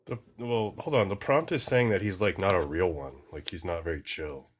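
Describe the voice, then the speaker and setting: A man chatting casually on a livestream in a relaxed, slangy, matter-of-fact way. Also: low voice, moderate pace, a little hiss or hum. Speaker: guest on a livestream.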